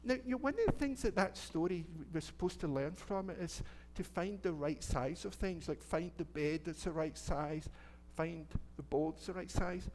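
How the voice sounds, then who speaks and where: A man's voice: on the high side, normal speed, hardly any pauses, a little mellow. A middle-aged Scottish man, a minister, telling a children's story in church in a chatty, playful way and asking the children questions. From Scotland. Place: church sanctuary.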